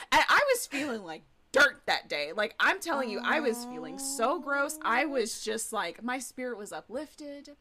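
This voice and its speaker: A woman on a video call talks in a casual, animated way, laughing often and swearing without a second thought. Her voice is high and bright, and her pitch rises and falls all the time. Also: normal speed, few pauses, slight background noise. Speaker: podcast co-host guest. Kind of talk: casual chat.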